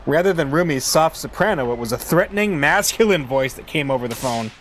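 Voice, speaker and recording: Guy reading a visual novel out loud, expressive, chatty asides, game music going. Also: mid-range voice, a little fast, hardly any pauses. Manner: expressive reader, casual asides. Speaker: let's play host reading a visual novel. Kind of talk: reading game text aloud with commentary.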